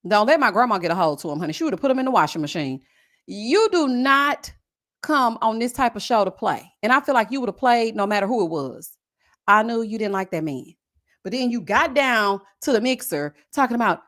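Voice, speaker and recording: A sassy woman with a fairly high voice gives casual commentary on a reality show. She is animated and mocking, and she drops "honey" and "girl" into nearly every line. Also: normal speed. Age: adult with a son.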